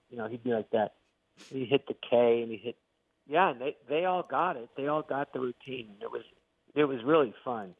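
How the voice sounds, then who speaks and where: A man's voice: mid-range voice, fairly quick, breathy edge, no room sound. A middle-aged male actor and comedian, a guest telling stories in a casual interview, acting out the quotes. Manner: animated storyteller, acts out quotes. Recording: tinny phone line, dry.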